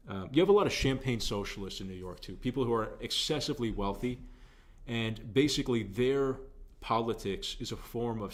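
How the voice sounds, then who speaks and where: A young adult man hosting a political talk show, giving earnest, conversational opinion commentary and repeating phrases for emphasis. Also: medium pitch.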